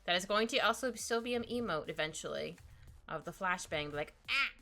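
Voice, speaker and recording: A woman's voice: lowish voice, animated, fairly quick, pushed and bright. A young woman, chatting casually and giggling as she draws live. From Canada. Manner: giggly, rambling, playful asides. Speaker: streamer drawing live. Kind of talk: casual chat while drawing. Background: faint music playlist.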